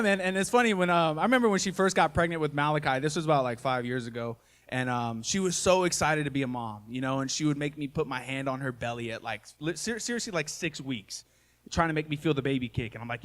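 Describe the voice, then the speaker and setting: A man's voice: on the high side, fairly bright tone. A man in his thirties doing live stand-up comedy, telling family stories in a folksy, self-mocking way full of "y'all" and "man.". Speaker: stand-up comedian and podcast host. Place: live comedy show before an audience.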